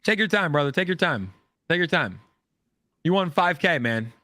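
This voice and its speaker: A fairly high-voiced man hosts a crypto livestream from home, talking fast and repeating lines to hype up the chat. The sound is dry and close. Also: animated, no echo. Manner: hyped, repetitive, shouts out chat. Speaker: livestream host. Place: home in Orange County.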